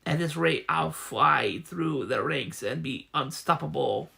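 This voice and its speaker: A man's voice: on the high side, measured pace, creaky, bright, forceful tone, husky, heavily acted. A man voicing a gloating insect-like demon from a comic, sneering and boastful.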